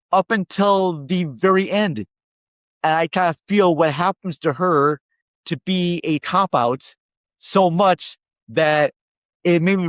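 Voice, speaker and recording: A high-pitched man from Minnesota gives a rambling, conversational movie review with no echo on the recording. He keeps tagging lines with "all right?" and at times gets worked up and exasperated.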